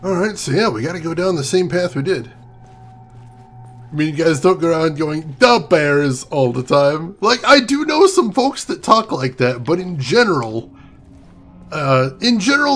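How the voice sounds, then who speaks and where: A man's voice: a little high, a bit bright, slightly rough. A man hosting a let's play, musing and chatting aloud while he plays. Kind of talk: casual gameplay commentary.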